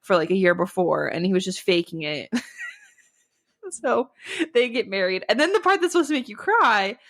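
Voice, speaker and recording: A woman's voice: mid-range voice, expressive, fairly bright tone. A young woman co-hosting a podcast, recapping a book in a chatty, sarcastic way with frequent laughs. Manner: chatty, sarcastic, laughs often, quick asides. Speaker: podcast co-host. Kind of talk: casual chat recapping a book.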